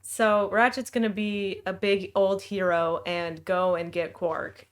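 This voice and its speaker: A woman's voice: medium pitch, steady tone, slow pace, slight background noise. A woman co-hosting a casual book club chat, retelling scenes with jokey, playful asides. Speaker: podcast co-host.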